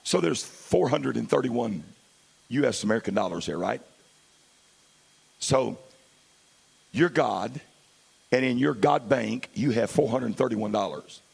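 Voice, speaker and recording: Gravelly-voiced pastor preaching a sermon. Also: male voice, mid-range voice, lively intonation. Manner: swings from quiet asides to loud, drawn-out preaching.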